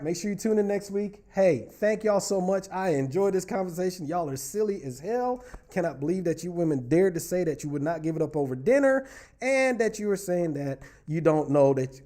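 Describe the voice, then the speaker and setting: A man with a fairly high, mellow voice hosts a relationship talk show, chatting casually on a livestream. He reads his viewers' comments aloud, teases them playfully, and talks right to the audience.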